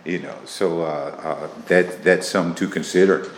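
A man hosting a casual faith-based interview, animated and teasing, laughing often. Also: sits low, normal speed. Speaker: interview host. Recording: echoey room with faint noise.

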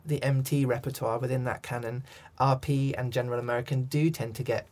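A man's voice: mid-range voice, little pitch movement, brisk, a little mellow. A man, a coach, answering interview questions thoughtfully with frequent restarts and ums. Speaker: accent coach.

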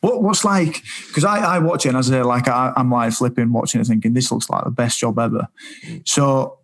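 A man hosts a relaxed interview, putting loose, rambling questions to his guest. His voice sits at an ordinary middle pitch, and he swears casually as he talks. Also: fairly quick. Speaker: podcast host.

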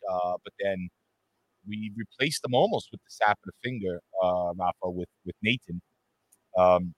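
A man's voice: on the low side, a bit bright. A man co-hosting a casual live-streamed football podcast, upbeat and greeting viewers by name. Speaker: podcast co-host. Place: home studio with green screen.

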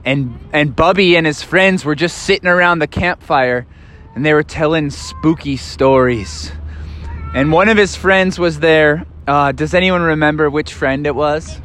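A man's voice: a little high, a little slow, fairly bright tone, slight background noise. Playful man rambling through a bedtime story. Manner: rambling, playful, full of fillers.

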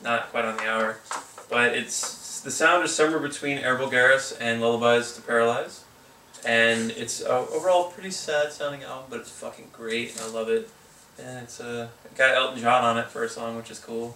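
Bright, quick-talking man in an echoey room. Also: medium pitch, fairly even intonation. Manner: quick, rambling, swears casually. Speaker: podcast host. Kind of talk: casual chat. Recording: echoey room, distant mic, faint noise.

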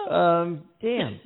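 Gravelly man rambling through the news. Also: sits high. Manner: rambling, loses his train of thought, laughs at himself. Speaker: talk show co-host. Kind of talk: casual news chat. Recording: phone-like streaming audio.

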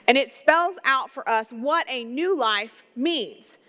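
A woman pastor delivers her sermon in an earnest, conversational manner. Her voice sits slightly high, and she draws listeners in with personal stories and rhetorical questions. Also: lively intonation, slow pace, bright, forceful tone.

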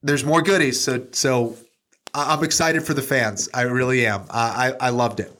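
A man's voice: medium pitch, normal speed, fairly bright tone. A man as an interview guest, talking casually with many fillers and restarts.

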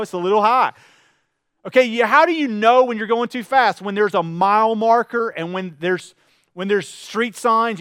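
A middle-aged male pastor delivers a sermon in a high, smooth voice. He keeps it conversational, firing rhetorical questions at the congregation and playing out small scenes. The sound is close and dry. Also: a bit bright, dry recording. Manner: conversational preaching with rhetorical questions and acted-out anecdotes.

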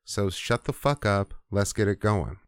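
A man voicing an impatient, bossy male god in a crude comedic retelling, giving flat, profane orders. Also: on the low side, measured pace, clear, resonant tone, dry recording, clean studio sound. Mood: exasperated.

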